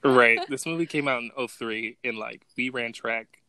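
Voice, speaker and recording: Gravelly, bright-voiced laid-back guy. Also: mid-range voice, moderate pace, no room sound. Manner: laid-back, swears, laughs often. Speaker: podcast co-host. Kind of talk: casual chat.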